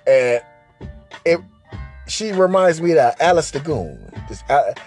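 Lively, rambling podcast host, a man. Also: fairly high pitch, takes it slowly, soft background music. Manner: rambling, repetitive, keeps asking "right?". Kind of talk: profane comic storytelling monologue.

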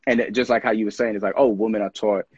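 A man's voice: fairly low pitch, steady tone, quick pace, a little mellow, breathy edge, dry recording, lo-fi sound. A man talking casually and earnestly in a podcast conversation, reflecting on friendship and feelings and acting out what others say. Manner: earnest, reflective, acts out quoted voices.

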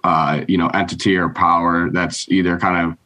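A man co-hosting a casual podcast, speaking in a measured, agreeable way and sometimes searching for his words. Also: deep voice, little pitch movement, pushed and bright, low-quality recording. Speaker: podcast co-host.

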